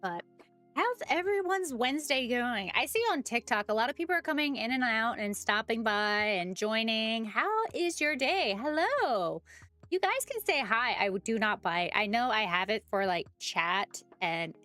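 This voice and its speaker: A woman's voice: fairly high pitch, expressive, normal speed, pushed and bright, soft background music. A woman chatting casually on a live stream as she paints miniatures, greeting viewers by name and laughing often.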